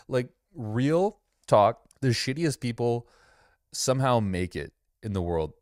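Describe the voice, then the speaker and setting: A man's voice: medium pitch, lively intonation, slow, darkish tone, no room sound, studio quality. A man hosting a casual reaction commentary, sarcastic and loose, often laughing and swearing. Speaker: host reacting to videos.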